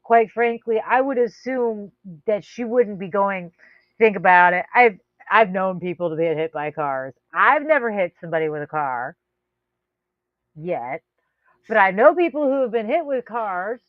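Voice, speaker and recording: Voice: mid-range voice, lively intonation, unhurried, no room sound. A co-host in a casual talk show chat who speaks bluntly, jokes around and swears. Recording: dry, dull lo-fi sound.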